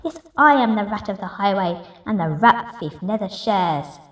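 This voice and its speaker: A woman's voice: mid-range voice, expressive, moderate pace, close to an everyday voice. A woman doing a greedy boastful rat bandit. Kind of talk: picture book read aloud. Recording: roomy echo, distant mic.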